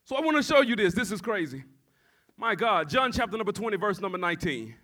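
A male pastor in full sermon mode, with a very high voice and a bright, forceful edge. He calls on the congregation to respond and climbs into shouts as he preaches. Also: very animated, quick pace, some chatter behind.

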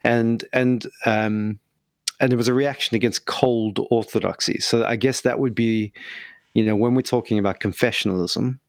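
A man's voice: medium pitch, fairly even intonation, moderate pace, no echo. A man in a casual theological discussion, explaining terms thoughtfully and often restarting his sentences.

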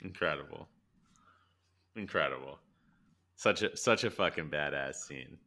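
A man with an extremely deep, low-sitting voice recaps favorite scenes in an easygoing podcast chat. He laughs often and swears freely, with a relaxed, loose delivery. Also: a little slow, gravelly. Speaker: podcast co-host. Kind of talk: casual chat.

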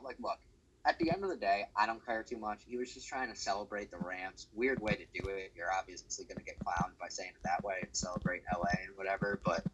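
A man co-hosting a sports podcast, talking casually in a ranting, profane and animated way. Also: fairly low pitch, noisy background. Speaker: podcast co-host.

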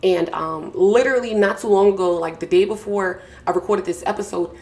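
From her small home studio, a young adult woman hosts a casual, heartfelt podcast through a podcast mic and mixing board. Her mid-range voice is gravelly and a little fast as she effusively, slangily and warmly thanks the people close to her again and again.

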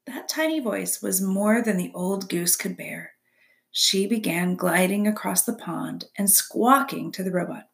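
A woman's voice: medium pitch, unhurried, gravelly. Woman reading a children's book. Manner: expressive storytelling. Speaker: narrator. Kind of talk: reading a children's novel aloud.

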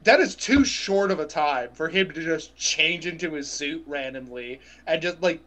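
A man in casual chat as a podcast co-host, relaxed and a little halting. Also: a little high.

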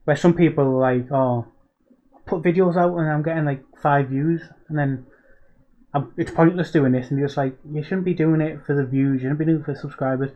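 A man talks as a podcast guest, his voice sitting a little high. He strings anecdotes together with plenty of "like"s, and the sound comes through dull and lo-fi. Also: fairly even intonation, fairly quick. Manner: chatty anecdotes, many fillers. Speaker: guest, content creator. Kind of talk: casual chat.

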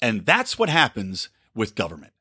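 Man, sarcastic political rant, bright lively voice, dry close sound. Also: on the low side, moderate pace, slightly rough, no room sound. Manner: ranting, sarcastic, swears freely. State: short on sleep. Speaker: podcast host. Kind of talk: solo political commentary.

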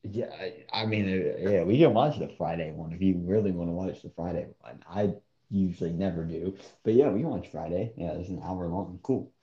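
A man's voice: deep voice, brisk. A man co-hosting a casual podcast chat, blunt and dismissive, often laughing at what he describes. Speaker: co-host. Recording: echoey dull-sounding room.

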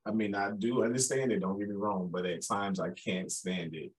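A man from Chicago with a Chicago accent that carries a Southern touch. His voice sits on the low side, and he chats casually, agreeing readily with "yes, indeed". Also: fairly even intonation, moderate pace, slightly rough, rough recording. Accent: Chicago with Southern traces. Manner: agreeable, often says "yes, indeed", laughs easily. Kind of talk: casual conversation.

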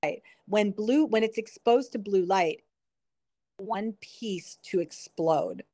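A middle-aged woman, a nurse and product founder appearing as a guest, gives long, chatty explanations and tells stories with frequent restarts in a conversational interview. Her voice is medium-pitched, slow and warm, recorded cleanly in a studio with no echo.

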